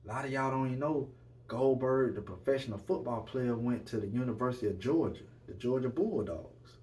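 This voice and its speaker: A man's voice: mid-range voice, a little fast, darkish tone, far from the mic. A man hosting a podcast in casual solo chat, hyped and repetitive, full of slang and constantly addressing his viewers. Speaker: podcast host.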